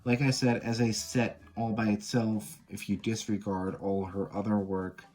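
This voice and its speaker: A man's voice: fairly low pitch, little pitch movement, normal speed, a little mellow. A man casually reviewing a tarot and oracle deck, candid and blunt, swearing and using lots of fillers.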